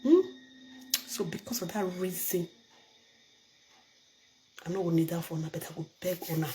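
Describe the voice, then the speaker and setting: A woman's voice: lowish voice, normal speed, dark tone, a little hiss or hum. An older woman from Nigeria speaks in a Nigerian Pidgin accent. She talks casually to her viewers, emphatic and pleading, and repeats her points as she goes. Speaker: vlogger. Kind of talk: casual direct-to-camera vlog.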